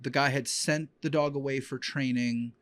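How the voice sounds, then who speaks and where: A man who hosts a podcast as a dog trainer tells personal stories in a heartfelt, rambling, emotional way, with many fillers and restarts. His voice is medium-pitched and a bit bright, with fairly even intonation and normal speed.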